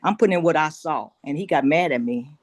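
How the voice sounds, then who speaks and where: A woman's voice: deep voice, lively intonation, quick pace, no echo, studio quality. A woman, formerly a correctional officer, telling a plain-spoken personal account and acting out the dialogue.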